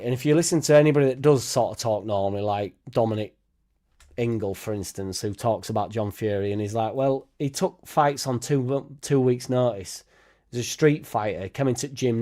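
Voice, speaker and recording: A blunt, sweary man, ranting casually to camera. His pitch sits in a middling range, and he keeps slipping into mocking impressions of other people. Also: warm tone. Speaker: football fan channel host.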